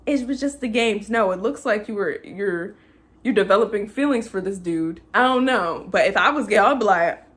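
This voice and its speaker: A woman's voice: mid-range voice, moderate pace. Chatty woman ranting about a movie. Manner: emotional, laughing, chatty with many fillers. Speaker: movie reviewer. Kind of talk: casual movie recap rant.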